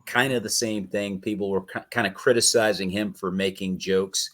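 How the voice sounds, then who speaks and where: A man's voice: lowish voice, fairly even intonation, moderate pace, a bit bright. A man hosting a casual interview, telling stories, laughing often and acting out quotes. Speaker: podcast host.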